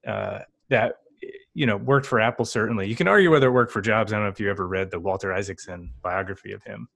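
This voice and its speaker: A man hosting a podcast from his home office, chatty and jokey with quick asides. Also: on the low side, creaky, fairly bright tone, dry recording. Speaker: podcast host. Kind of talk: casual podcast conversation.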